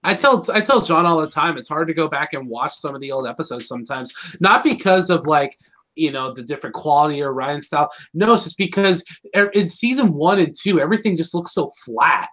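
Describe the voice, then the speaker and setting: A man with a somewhat high voice chats in a casual review discussion. He sounds upbeat and talkative. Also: expressive, brisk, a bit bright.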